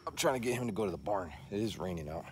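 A man with a fairly low voice gives casual vlog commentary while walking his farm property. He talks in a loose, thinking-out-loud way with an undercurrent of worry. Faint outdoor ambience sits behind him. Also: animated, very fast, a little hiss or hum. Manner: chatty and worried, thinking out loud. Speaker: vlogger.

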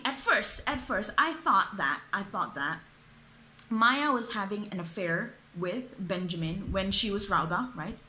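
A woman's voice: medium pitch, lively intonation, a little slow, bright, forceful tone, a little hiss or hum. A young woman, ranting through a book review, exasperated and swearing, with lots of fillers. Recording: echoey room.

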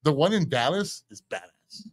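A man, co-hosting a podcast and telling a profane, animated story in casual chat. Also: fairly high pitch, moderate pace, slightly rough. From San Antonio, Texas. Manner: profane, animated storyteller doing quoted voices. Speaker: podcast co-host.

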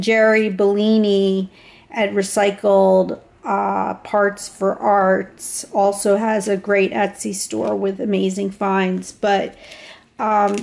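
A woman casually showing off a handmade travel journal to the camera, talking in an unhurried way with fillers and small restarts. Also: medium pitch, gravelly. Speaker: craft vlogger. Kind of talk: casual show-and-tell narration.

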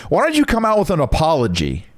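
Animated young man, dry close sound. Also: on the high side, quick pace, no room sound. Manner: teasing, pushy hype. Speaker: podcast co-host. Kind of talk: crude comedic podcast banter.

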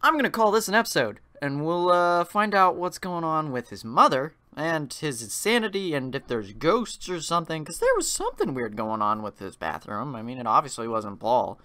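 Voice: mid-range voice, normal speed, hardly any pauses, no room sound. A let's play host chatting casually and joking while playing a horror game. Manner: animated, jokey, chatty.

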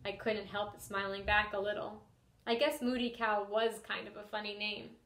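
A young adult woman, a teacher, reading a picture book aloud to children in an expressive first-person style. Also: mid-range voice, normal speed. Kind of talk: storybook read-aloud for children. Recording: roomy echo.

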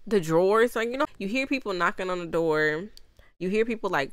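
A woman's voice: medium pitch, moderate pace, a bit bright, smooth, no room sound. A woman giving a casual, rambling movie recap, exasperated and often laughing, acting out the characters' lines as she goes. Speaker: movie reviewer.

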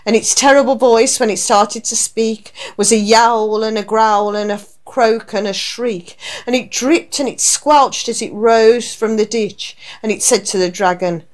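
A woman radio presenter giving an expressive, rhyming reading of a children's story. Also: medium pitch, measured pace, few pauses. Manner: rhyming, animated delivery.

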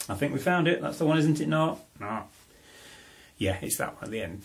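A man giving a playful home music lesson to a young child, talking in a bright, encouraging, sing-song way. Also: a little high, animated, brisk, gravelly, breathy edge. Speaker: parent teaching music to a child.

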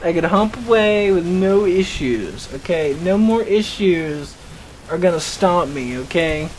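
A young man with a fairly high voice rambles through his gameplay, teasing the enemies and laughing at his own jokes. Faint background hiss sits under his talk. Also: expressive, unhurried. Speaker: gaming channel host. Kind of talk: casual gameplay commentary.

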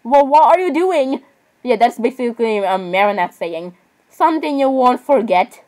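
Teen girl reaction vlogger, high bright voice, excitable and exclamatory, casual commentary. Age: teens. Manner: excitable, exclamatory, quick shifts between giggly outbursts and mumbled asides.

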